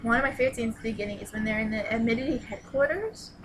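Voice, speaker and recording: A young woman excitedly retelling a book's plot in a casual review vlog, with lots of "like" and sudden squealed exclamations. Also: fairly high pitch, racing, slight background noise, rough recording. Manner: excitable and gushing, exclaims "What? What?"; retells the plot with many "like"s and restarts. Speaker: book reviewer.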